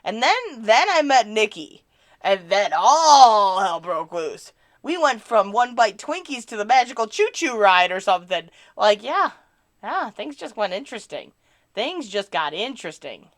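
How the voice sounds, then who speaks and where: A woman's voice: on the high side, sing-song, moderate pace, fairly bright tone, dry recording, studio quality. A woman chatting casually on a live stream, answering her chat in a rambling, candid and self-deprecating way.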